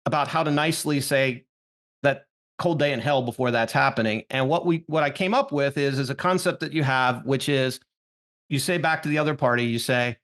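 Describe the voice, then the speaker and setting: A man's voice: mid-range voice, a little fast, a bit bright. A man hosting an interview who tells stories and asks long, winding questions. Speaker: interview host. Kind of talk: conversational interview.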